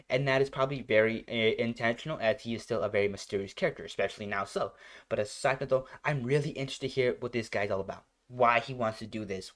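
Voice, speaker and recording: A man's voice: medium pitch, fairly bright tone. A young man hosting a reaction video, chatting casually and rambling with lots of filler words. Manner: rambling, full of "like" and "you know".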